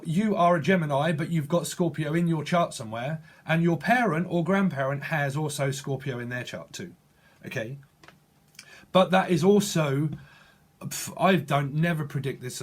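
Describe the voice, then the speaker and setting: Halting man reading tarot. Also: fairly high pitch. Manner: halting, restarts and apologizes, talks to the viewer. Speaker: tarot reader. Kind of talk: channeled psychic tarot reading.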